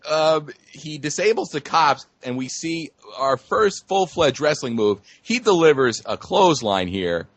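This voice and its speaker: Lively-voiced man in dry film chat. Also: on the high side, measured pace, few pauses, no room sound. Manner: enthusiastic, chuckling agreement. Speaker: podcast co-host. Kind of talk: casual movie review chat.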